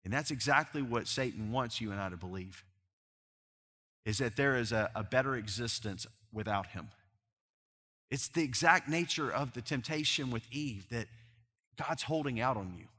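Male pastor, bright forceful delivery, sermon in a big echoing hall. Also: expressive, normal speed, slightly rough. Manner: impassioned preaching, swelling loud then dropping low. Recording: long hall reverb.

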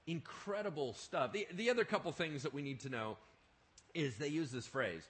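A male pastor preaching a sermon in an animated, emphatic way, often asking his listeners questions. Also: a little high, normal speed.

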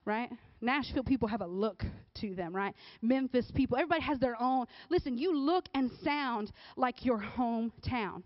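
Woman preaching, kinda high voice, talks like she's chatting w the crowd, muffled dry sound. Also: no room sound. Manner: conversational, keeps asking the crowd "right?". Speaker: speaker at a church or youth service. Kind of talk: sermon with casual storytelling. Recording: dull, dry recording.

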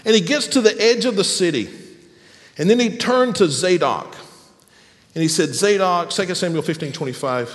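A man preaching a sermon as pastor, animated, then dropping to a soft, quiet voice for tender moments. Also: high-pitched, normal speed. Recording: long hall reverb.

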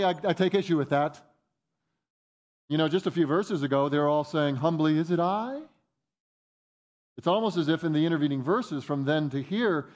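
Male pastor, sermon, somewhat high voice, animated, swings between loud and quiet. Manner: animated, rising in pitch to voice Peter's protests; drops soft and low for reflective points.

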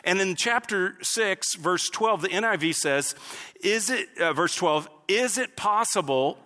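A man preaching a sermon as pastor, animated and explaining scripture with acted-out asides. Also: high voice, unhurried, long reverb tail.

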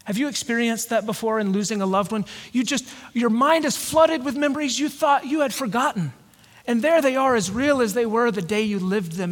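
A high-voiced man delivers an earnest, reflective sermon in a slow cadence with pauses. The sound rings with a long hall reverb. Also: a bit bright. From Georgia, USA. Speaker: pastor.

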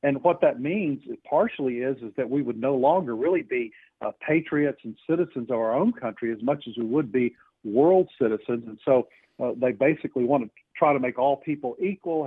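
An earnest male guest speaks through a tinny phone line, his voice a touch husky. He stumbles through restarts and fillers as he explains his points, and the sound is dry and close. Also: medium pitch, no room sound. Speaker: author guest.

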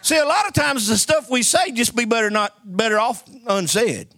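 A man's voice: very high-pitched, expressive, moderate pace, bright, forceful tone, no room sound. A man preaching a sermon, telling folksy stories and calling for amens from the congregation. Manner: call-and-response preaching, folksy storytelling.

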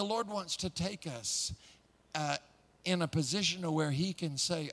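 A male preacher with a somewhat high voice delivers a sermon in a lively storytelling manner. He builds excitement, doubles back on his words and chuckles as he goes. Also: unhurried.

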